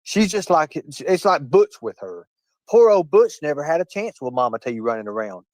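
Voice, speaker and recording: A man's voice: a little high, very animated, normal speed, a little mellow, dry recording. Combative, foul-mouthed male streamer. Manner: combative, swearing, repetitive, addresses chat directly. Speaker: livestream host. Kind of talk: profane live-stream rant.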